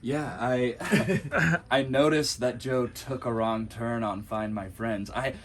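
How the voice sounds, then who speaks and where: A man at an ordinary pitch tells a story with lots of energy. He talks casually and often breaks into laughter. He is a support driver recounting his day on the road. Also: slow, a bit bright, slight background noise. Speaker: support driver for a cross-country bike ride.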